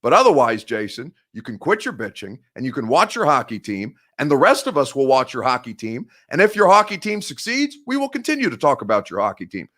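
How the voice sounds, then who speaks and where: A young man from Indiana with a Midwestern American accent hosts a sports radio talk show, ranting with heated sarcasm and swearing freely. His medium-pitched, slightly bright voice is very animated and brisk, with few pauses.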